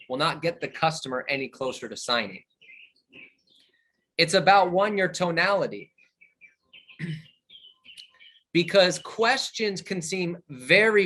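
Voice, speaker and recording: A man leading a virtual sales training over a video call, animated, shifting his tone and speed to show how questions land. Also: fairly high pitch.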